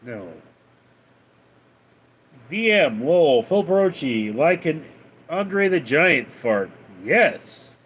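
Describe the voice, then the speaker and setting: A man hosting a casual livestream, reading out viewer messages and replying in a deadpan way. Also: on the high side, drawn-out words, long pauses, slightly rough. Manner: reads out viewer names and messages, deadpan replies. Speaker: livestream host reading chat.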